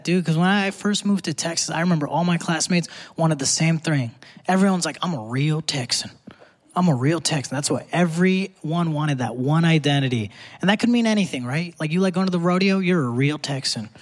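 A man's voice: a little high, a little fast. A young man performing a live stand-up comedy set on a theater stage, with punchy conversational delivery. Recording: live theater crowd and hall noise.

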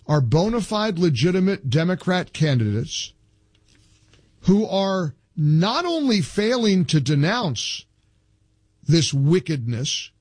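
Male host, slow deliberate pace, dry close sound, emphatic opinion commentary. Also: a little high, breathy edge, no room sound. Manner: emphatic, builds into indignant outbursts. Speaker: political talk show host. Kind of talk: opinion commentary, reading from articles.

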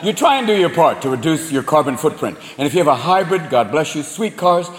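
Animated, profane stand-up comedian man. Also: fairly high pitch, brisk, reverberant, big-room sound, a little hiss or hum. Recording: live venue with loud crowd.

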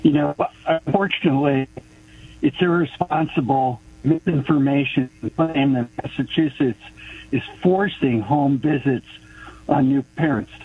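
A man's voice: mid-range voice, unhurried, husky. A male caller to a radio show, insistent and indignant, repeating his points. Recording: tinny phone line with faint hiss.

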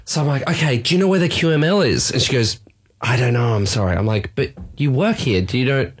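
A young Australian man co-hosting a chatty podcast. He tells the story with real animation and acts out everyone's lines. His pitch swings widely, though his voice sits at a middle level overall. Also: sing-song, fast talker. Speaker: podcast co-host. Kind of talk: casual chat.

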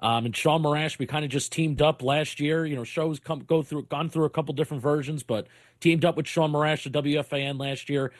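Relaxed man on a dry mic. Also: a little high, a little fast, dry recording. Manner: relaxed, with many "uh"s. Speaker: guest podcast host. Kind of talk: casual plug for his show.

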